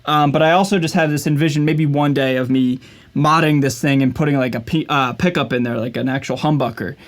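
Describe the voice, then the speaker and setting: A man's voice: fairly high pitch, steady tone, a little fast. A man talking casually to the camera at home in a vlog, upbeat and chatty and filling his talk with "man" and "like". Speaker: vlogger and guitarist. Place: at home in his usual filming spot.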